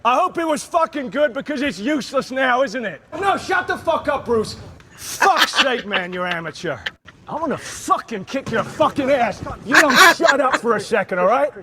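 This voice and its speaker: A man on a film set ranting angrily, shouting and swearing at someone. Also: extremely high pitch, very animated, moderate pace. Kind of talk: angry rant. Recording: noisy archive on-set audio.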